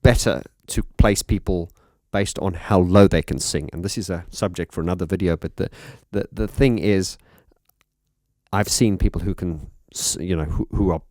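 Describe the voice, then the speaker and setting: A man's voice: low-pitched, moderate pace, no echo, clean studio sound. A man analysing a song as a music teacher, talking thoughtfully and with enthusiasm. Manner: thoughtful, warm enthusiasm, sings short demonstration phrases.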